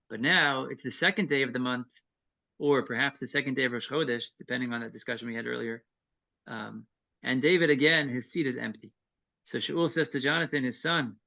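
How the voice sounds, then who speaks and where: Male scripture teacher with a bright, forceful tone who explains verse by verse. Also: mid-range voice, brisk, creaky. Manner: reads Hebrew verses then explains them; earnest and explanatory, with brief chuckles. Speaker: Torah class teacher. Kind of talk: evening text-study class.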